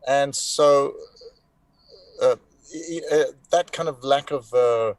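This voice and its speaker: Man telling animated stories, dry sound. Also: medium pitch, slow, no room sound. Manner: animated anecdotes with frequent restarts and 'you know'. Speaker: voice actor and interview guest. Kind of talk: casual storytelling in a live online interview. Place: lives in Denmark.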